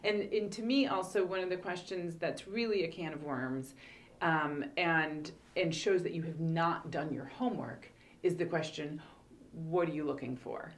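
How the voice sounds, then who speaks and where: Woman, middle-aged, casting director, low voice, animated casual chat. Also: moderate pace. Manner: animated, laughs often, acts out quoted actors.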